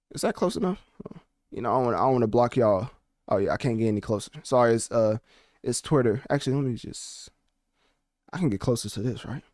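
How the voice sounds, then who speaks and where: A man hosting a podcast, chatting casually with animated, slangy commentary while looking things up on his screen. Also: medium pitch, no room sound, clean studio sound. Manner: animated, conversational, slangy asides. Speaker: podcast host. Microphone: podcast mic, also on video.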